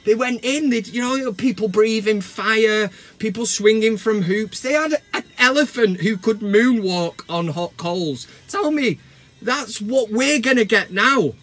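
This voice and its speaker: A man's voice: high-pitched, animated, measured pace, fairly bright tone. A man hosting a comic football fan vlog, swearing and mock-sentimental. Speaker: fan channel host. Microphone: camera mic.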